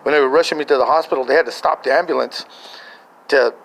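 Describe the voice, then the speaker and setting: A man's voice: mid-range voice, fast talker, creaky, fairly bright tone, rough recording. An older man, a grandfather, telling a family story in a casual voice message, rambling and chuckling through many restarts.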